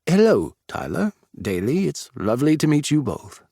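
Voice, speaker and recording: A man's voice: a little high, very animated, normal speed, vocal fry, dark tone, no room sound, studio quality, voice pushed up, heavily acted. A man voicing a polite, slightly puzzled young vet with a British accent.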